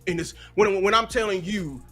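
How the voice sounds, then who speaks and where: A man's voice: high voice, moderate pace, bright, forceful tone, husky, soft background music. A man content creator ranting angrily and profanely on a watch-party stream, with stumbling repeats. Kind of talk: heated casual rant.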